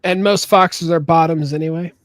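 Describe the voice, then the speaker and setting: A man co-hosting a casual party-game chat, tipsy, loud and full of swearing banter. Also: a little high, steady tone, normal speed, no echo. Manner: drunk, loud, profane banter. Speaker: podcast co-host.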